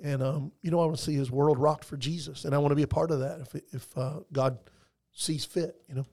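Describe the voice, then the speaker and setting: A man's voice: fairly high pitch, steady tone, a little fast, creaky, darkish tone. A man, a guest talking earnestly in a casual conversation, heartfelt and rambling with many restarts and fillers.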